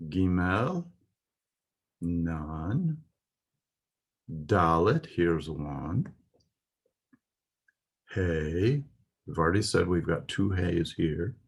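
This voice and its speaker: A man's voice: sits low, lively intonation, very slow, long pauses, husky. A man teaching a Hebrew alphabet lesson, patiently explaining and pointing out letters.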